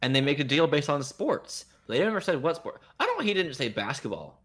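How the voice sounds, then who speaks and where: A fast-talking man whose voice runs on the high side co-hosts a laid-back podcast, walking through a movie's plot in disbelief and cracking jokes. His retelling is animated and punctuated by laughter.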